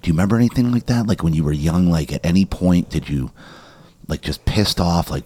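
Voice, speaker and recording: A man hosting a podcast interview, enthusiastic and full of quick affirmations. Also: low-pitched, mellow, breathy edge. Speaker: podcast host. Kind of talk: casual interview.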